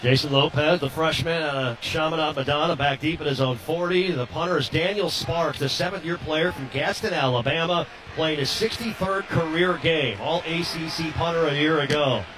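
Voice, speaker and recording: A man with a high voice calling college football play-by-play over steady background noise. He runs quickly through formations and names, then shouts when a big play breaks. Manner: rapid, rising to shouts on big plays. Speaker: play-by-play announcer.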